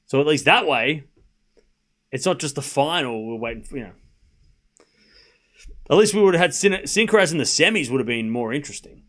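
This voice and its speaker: A man's voice: fairly high pitch, animated, brisk, long pauses, fairly bright tone. A man hosting a live tennis watchalong stream, rambling casually, tossing rhetorical questions and sarcastic asides to his chat between score calls. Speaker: stream host and tennis commentator. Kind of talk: casual livestream commentary.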